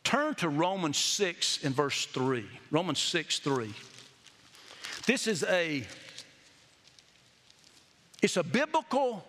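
A man's voice: fairly high pitch, very animated, slow pace, long pauses, fairly bright tone, slight background noise. A male pastor preaching an emphatic sermon, quizzing the congregation with questions as he goes. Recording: long reverb of a hall.

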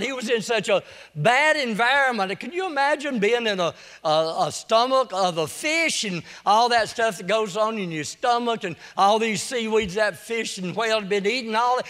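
A man's voice: high-pitched, a bit bright, long reverb tail. A man preaching a sermon, telling folksy stories and rising to emphatic declarations in a church.

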